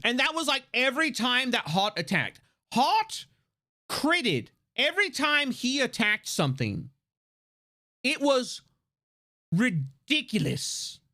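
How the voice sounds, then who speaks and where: A streamer chatting casually on a livestream, rambling with lots of fillers and restarts, excitable and laughing often. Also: high voice, slow pace.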